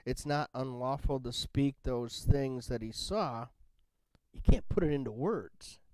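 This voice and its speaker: A male Bible study teacher talks in a relaxed, conversational way and keeps asking "right?". His voice sits at an average pitch, and the recording is dry and close. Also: a little slow, dry recording.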